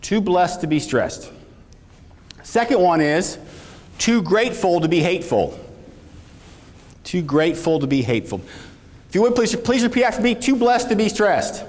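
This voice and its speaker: A keynote speaker with a high-sitting voice tells an animated, motivational story, calling out to the crowd along the way. He talks at a normal speed but leaves long pauses, and his words echo through a reverberant hall.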